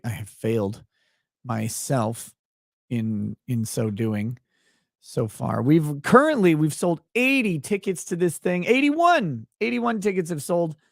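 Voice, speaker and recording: Male stream host, fairly high voice, halting and wry, dry close-mic sound. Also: no echo. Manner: rambling, halting, wry asides. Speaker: livestream host and lawyer. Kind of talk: casual livestream chat.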